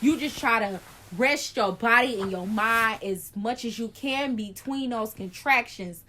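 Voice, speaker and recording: A young woman telling a personal story in a casual vlog, chatty and animated, acting out scenes with gasps. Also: a little high, measured pace. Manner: chatty, frequent "like" fillers. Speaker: vlogger.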